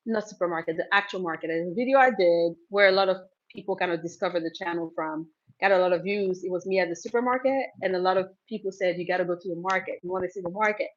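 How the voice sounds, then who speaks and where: A woman's voice: fairly low pitch, fast, dull audio. A woman from Cameroon hosting a casual live Q&A, chatting with viewers and reading out their comments. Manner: chatty, laughs often, reads out viewer comments. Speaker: livestream host.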